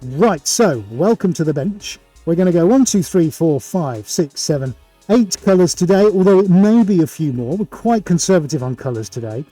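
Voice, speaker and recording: A man's voice: a little high, normal speed, no room sound, faint music behind. Jokey man hosting an art stream. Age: middle-aged. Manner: jokey, chatty, energetic showman. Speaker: art livestream host. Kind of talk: upbeat live presenting. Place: home art studio with several cameras.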